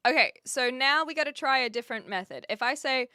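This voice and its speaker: A woman's voice: sits high, animated, a little fast, few pauses, sharp tone, no room sound. A woman from New Zealand with a New Zealand accent, chatting casually on her live stream while she sets up a chat bot and thinks aloud. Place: home room with brick walls.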